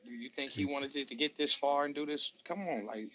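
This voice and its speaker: A man's voice: mid-range voice, brisk, lo-fi sound, crowd noise. A man in a casual group chat who speaks in an emphatic, profane way.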